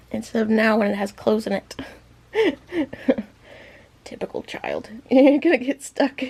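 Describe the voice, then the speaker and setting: A woman's voice: a little high, lively intonation, slow, long pauses, a little mellow, breathy edge. A woman vlogger chatting playfully to her pet parrot in teasing baby-talk, laughing often.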